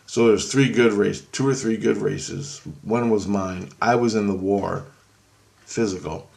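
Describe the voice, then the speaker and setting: A man with a low, gravelly voice tells a story off the cuff. He rambles, swears freely and keeps backing up to fix his own words. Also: steady tone, measured pace, darkish tone. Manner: rambling, profane, self-correcting. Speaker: vlogger recounting a dream. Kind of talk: casual spoken storytelling monologue.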